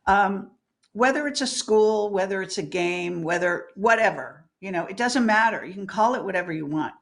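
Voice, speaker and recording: A woman's voice: mid-range voice, lively intonation, normal speed. A woman guest in a candid spiritual interview, talking emphatically, swearing freely and laughing often.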